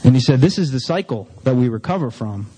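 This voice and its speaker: A man's voice: medium pitch, lively intonation, quick pace, warm tone, husky. A man giving a candid, self-mocking recovery talk to a meeting audience. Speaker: recovery speaker. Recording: long reverb of a hall.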